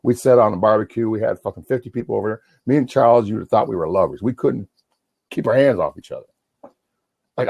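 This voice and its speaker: A man from Washington State in a rambling, profane livestream rant, swinging between mumbling and yelling. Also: on the low side, fairly quick, gravelly, no room sound.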